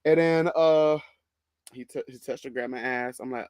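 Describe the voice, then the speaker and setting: A man with a Southern US accent telling a story in a casual monologue, animated, sassy and full of profanity. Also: a little high, normal speed, clear, resonant tone, no room sound. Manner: animated, profane, sassy, calls listener "bitch" and "girl".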